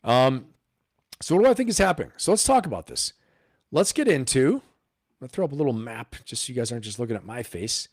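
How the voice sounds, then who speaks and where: A man hosting a casual live stream, talking straight to his viewers, animated and full of rhetorical questions. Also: mid-range voice, brisk, no room sound, clean studio sound.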